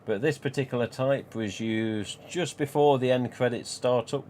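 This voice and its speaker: This live stream host and collector talks in a chatty, rambling way, chuckling often. He speaks at a moderate pace in a medium-pitched, slightly mellow voice, with a bit of background noise behind him.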